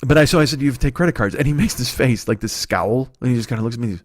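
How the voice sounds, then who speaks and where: A man in his forties rambles through a profane comic story on his solo podcast. His pitch sits mid-range. The sound is dry and close. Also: racing, no echo. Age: 40s. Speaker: comedy podcast host. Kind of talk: solo comedy monologue. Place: home studio.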